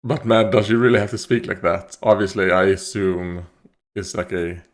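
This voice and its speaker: Low-voiced man musing aloud on a reaction video. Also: fairly even intonation, moderate pace. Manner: thinks aloud, rambling with fillers and laughs. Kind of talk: casual commentary.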